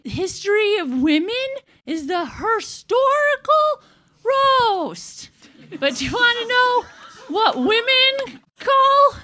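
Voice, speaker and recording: Doing a full character voice that is very high-pitched with a sharp tone, a woman performs a live comedy roast. She plays a comic take on a well-known 1950s female comedian, rambling, giggling, mocking herself and laughing at her own jokes.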